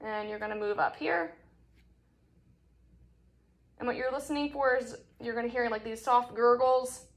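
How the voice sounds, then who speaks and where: A woman's voice: on the high side, fairly even intonation, moderate pace, long pauses. A young woman teaching a hands-on nursing assessment, explaining in a casual way with many fillers. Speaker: nursing instructor. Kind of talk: demonstration lesson.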